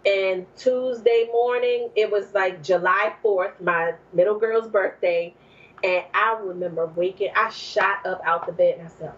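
A woman, a mother in her thirties or forties, telling a personal story as a guest, leaping to high exclaims when she quotes herself. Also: steady tone, measured pace, distant mic. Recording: dull lo-fi recording.

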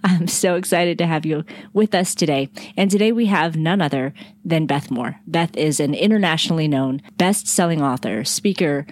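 A woman's voice: low voice, moderate pace, few pauses, a little mellow, no room sound. A woman hosting a podcast while sick, with a nasal voice, upbeat and encouraging. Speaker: podcast host. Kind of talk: friendly interview chat.

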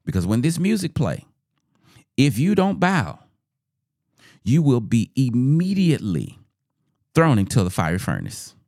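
A man's voice: mid-range voice, huge pitch swings, measured pace, long pauses, a little mellow, dry recording, studio quality, voice pushed up, heavily acted. A man playing swaggering King Nebuchadnezzar. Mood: proud, threatening. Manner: mocking, swaggering, slangy. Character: boastful angry male king, proud and threatening.

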